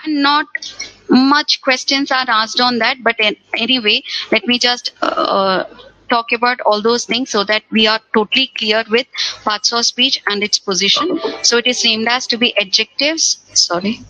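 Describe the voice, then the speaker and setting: Woman teacher, fairly high and bright, explains grammar step by step with rhetorical questions. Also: normal speed, no echo, low-quality recording. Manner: repeats key words, asks rhetorical questions. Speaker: English teacher. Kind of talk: exam-prep grammar lesson.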